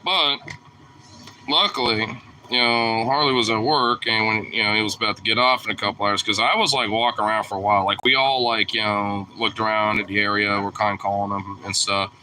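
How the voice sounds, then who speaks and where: A man's voice: on the low side, steady tone, a little fast, bright, forceful tone, a little hiss or hum, rough recording. A young man vlogging, telling a rambling, profane story in casual chat, full of filler words.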